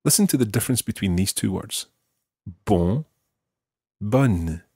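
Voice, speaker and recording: A Scottish man teaches a podcast language lesson, slowing down to model each word with patient care. His voice sits low and a little husky. The recording is dry and close, with no room sound. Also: lively intonation, darkish tone, no echo. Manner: patient, slow, careful modelling of pronunciation. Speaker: French teacher.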